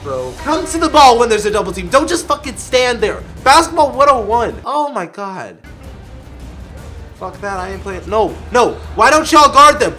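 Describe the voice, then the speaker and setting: A young man calls his own basketball video game as he plays, his high voice leaping between shouts at his team and low grumbles. The tone is bright and sharp, and game music plays softly behind him. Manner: excitable, yelling at his players, quick swings to muttering. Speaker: gaming video creator. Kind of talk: live gameplay commentary.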